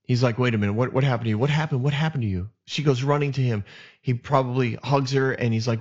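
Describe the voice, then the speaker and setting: A man hosting a podcast, retelling Bible stories in a casual, animated way and acting out the characters' lines. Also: medium pitch, brisk. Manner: animated retelling with acted asides. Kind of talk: casual storytelling. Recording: dull lo-fi sound.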